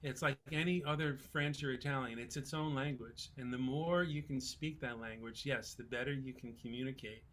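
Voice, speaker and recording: A man in his sixties, a songwriter on a festival panel, telling relaxed, folksy stories in casual talk. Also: mid-range voice, normal speed, few pauses, a little hiss or hum.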